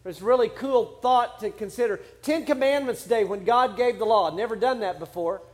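Male pastor, very high-pitched, conversational and humorous sermon delivery. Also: moderate pace. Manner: conversational, humorous preaching with acted quotes.

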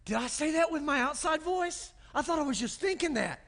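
A man's voice: very high voice, animated, a little fast, gravelly, a bit bright, in a large hall, exaggerated voice. A man preacher acting out a flustered apostle Peter who is backpedaling sheepishly in a sermon.

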